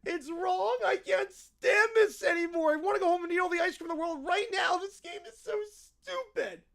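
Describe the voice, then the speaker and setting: A man voicing an entitled little boy throwing a whining, yelling tantrum. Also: very high-pitched, normal speed, gravelly, heavily acted.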